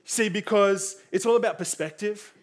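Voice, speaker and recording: A young man with a high-pitched voice preaches a sermon at normal speed in a casual, conversational style. He uses lots of fillers and raises his voice to act out quotes.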